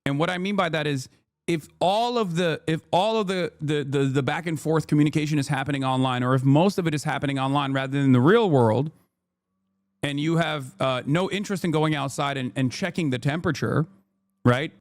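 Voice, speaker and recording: A man's voice: a little high, brisk, no echo, clean studio sound. A man, ranting and swearing as he comments on a livestream. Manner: heated, ranting, swears often. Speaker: streamer.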